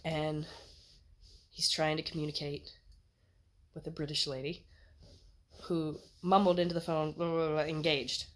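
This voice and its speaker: A young American woman telling a personal story in a chatty, animated way, laughing as she goes. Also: low voice, unhurried, pauses often. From United States. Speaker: vlogger. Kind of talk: casual storytelling.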